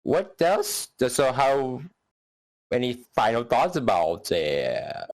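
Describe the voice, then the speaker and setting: A man's voice: medium pitch, big pitch swings, slow pace. A man co-hosting a podcast in casual chat, rambling and repeating his words. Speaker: podcast co-host.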